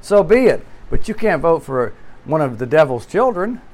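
Emphatic preaching man, higher voice. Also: sing-song, moderate pace. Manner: emphatic preaching with swings between loud and quiet. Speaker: pastor. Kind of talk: sermon.

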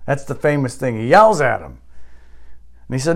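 A male pastor delivering a sermon, emphatic and rising sharply on questions and quotes. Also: fast. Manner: closes in a quiet, low prayer.

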